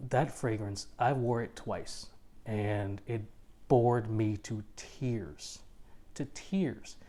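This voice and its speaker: A man's voice: on the low side, warm tone. A man reviewing fragrances in a casual video, blunt and emphatic, repeating his points for effect.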